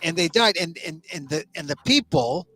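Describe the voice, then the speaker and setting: A man's voice: on the high side, moderate pace, slightly rough, no echo. An older man hosting a talk show, chatting casually and playfully toying with words. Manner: animated, playful with wordplay. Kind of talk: casual conversation.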